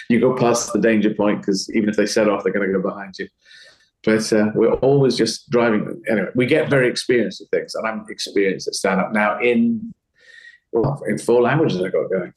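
A man's voice: fairly low pitch, brisk, roomy sound, rough recording. A man talking casually as an interview guest, rambling and acting out quoted voices. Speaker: comedian guest.

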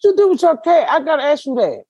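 A woman's voice: high voice, sing-song, fast, warm tone, no room sound, dull audio. A woman hosting a casual comedy podcast who roasts people bluntly and crudely, sometimes talking while eating. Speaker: podcast host.

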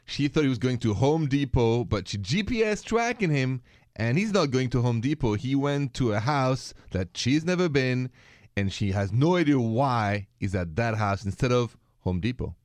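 A man's voice: mid-range voice, big pitch swings, moderate pace. A man with a French accent co-hosting a relationship advice radio show. He speaks in an earnest, emphatic way. The studio sound is close and dry, with no room echo. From France.

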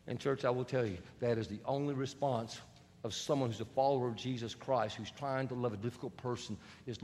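A male pastor preaching a sermon, emphatic and swelling to shouts. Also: mid-range voice, steady tone, fast, slight background noise. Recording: long hall reverb with faint music.

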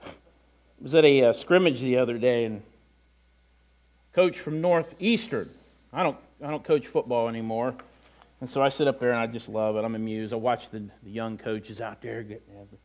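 A man's voice: mid-range voice, fairly even intonation, moderate pace, a little mellow, muffled recording. A middle-aged male pastor preaching a sermon in a conversational way, with self-deprecating asides and frequent repetitions.

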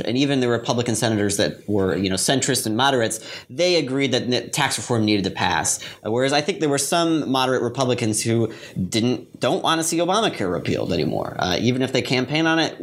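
A young man, a guest commentator in a political discussion, explaining at length with many fillers. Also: mid-range voice.

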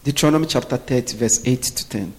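A man preaching a sermon, often pausing so the congregation can finish his sentences. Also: mid-range voice. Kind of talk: sermon with call-and-response.

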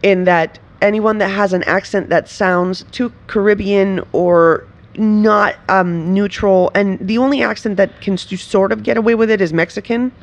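Animated laughing woman from Venezuela. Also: medium pitch, normal speed, few pauses. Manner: animated, laughing, many restarts. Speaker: comedian guest. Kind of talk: casual interview chat.

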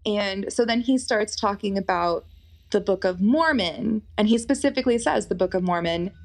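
A woman's voice: mid-range voice, normal speed, vocal fry. A young woman telling a personal story in a casual, chatty way, full of fillers. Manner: animated, chatty, lots of fillers.

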